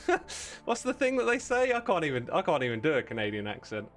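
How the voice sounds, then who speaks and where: A man's voice: a little high, very animated, fast, fairly bright tone, faint music behind. A man chatting casually with viewers while playing on a livestream, rambling and self-deprecating, laughing often.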